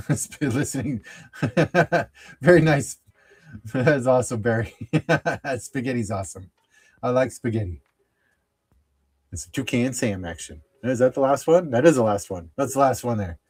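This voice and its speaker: A man's voice: medium pitch, expressive, a little mellow, husky. A middle-aged man hosting a sports card show, chatting casually while opening packs, chuckling often and trailing off into fillers. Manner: chuckles often, easily amused; halting, lots of fillers and restarts. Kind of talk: casual pack-opening chat.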